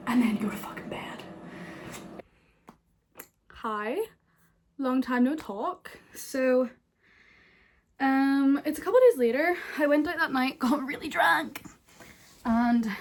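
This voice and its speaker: A young woman from Northern Ireland with a Northern Irish accent, chatting casually and giggly in a vlog, swearing freely. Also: fairly high pitch. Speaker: book vlogger. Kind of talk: casual chat to camera. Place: bathroom at night. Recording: echoey room with background noise.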